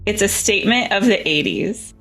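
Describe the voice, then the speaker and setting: A woman co-hosting a horror movie podcast, reading her review in relaxed casual chat and laughing often. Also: mid-range voice, normal speed, faint music behind. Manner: giggly, relaxed. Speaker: podcast co-host.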